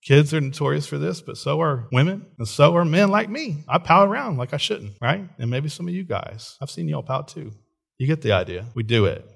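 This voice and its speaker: A middle-aged man preaching a sermon in an animated way, often checking in with "right?" and laughing. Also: a little high, brisk, vocal fry, husky. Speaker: pastor.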